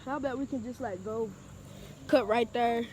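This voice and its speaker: High-voiced girl vlogging outside, slow and slangy, kinda breathless, noisy phone audio. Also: a little mellow. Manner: chatty, slangy, often breathless. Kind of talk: casual handheld exploring vlog. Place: outdoors in a neighborhood.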